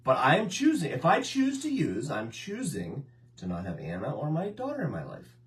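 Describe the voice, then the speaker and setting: A man's voice: a little high, wildly swooping pitch, moderate pace, distant mic. A man cohosting a recovery talk in a casual, earnest way, repeating points to stress them. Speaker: co-host, person in recovery. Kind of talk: casual chat.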